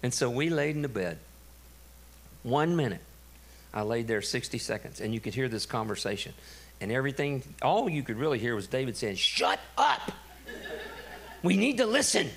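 A middle-aged man, a pastor telling a story in a sermon, animated and laughing. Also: mid-range voice, fairly quick. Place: church.

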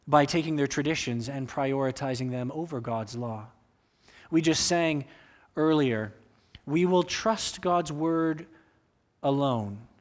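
A male pastor preaching from the pulpit of a church. His voice sits a little high, and his delivery is expressive as he acts out the voices in the quotes he tells. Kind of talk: sermon. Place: church sanctuary.

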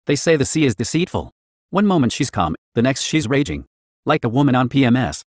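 A man's voice: medium pitch, sing-song, a little fast, no echo, studio quality. A man reading fan fiction aloud, narrating in the first person as a teenage girl.

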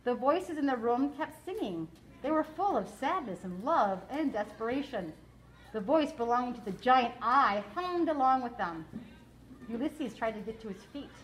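High-voiced teacher reading aloud. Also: female voice, expressive, normal speed, poor audio. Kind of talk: reading a novel aloud to a class.

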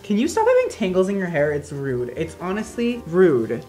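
A man's voice: high voice, huge pitch swings, moderate pace, over music. A man hairstylist vlogging casually as he colors hair, with dramatic, exaggerated, self-mocking reactions.

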